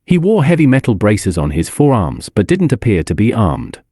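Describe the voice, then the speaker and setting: Expressive male audiobook narrator. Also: lowish voice, moderate pace, breathy edge, no room sound, clean studio sound. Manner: wry, expressive storytelling.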